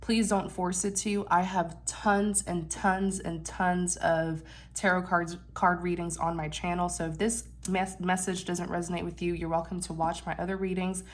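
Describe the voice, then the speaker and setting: A woman's voice: on the low side, level tone, moderate pace, few pauses. Nasal-voiced woman reading tarot. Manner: gentle, reassuring, fillers and restarts. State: unwell, congested. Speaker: tarot reader.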